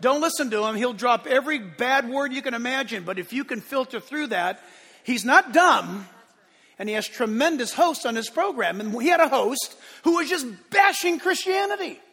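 A man preaching from the pulpit with a very high, bright, forceful voice. He hammers his points home, then drops to hushed asides. His words ring out with the long reverb of a church sanctuary. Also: lively intonation, normal speed, husky. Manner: emphatic preaching, swinging between loud declarations and hushed asides. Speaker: pastor. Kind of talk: sermon.

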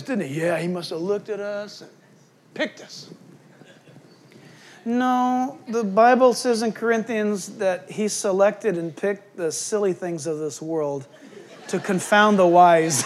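A man preaching a sermon as pastor, swinging between loud emphatic bursts and quiet, hushed asides. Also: sits high, expressive, slow, pauses often.

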